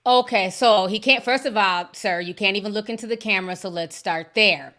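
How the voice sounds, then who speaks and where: A woman's voice: medium pitch, fairly quick, hardly any pauses, sharp tone. A woman hosting a celebrity news vlog, blunt and sassy, talking straight to her viewers. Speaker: host.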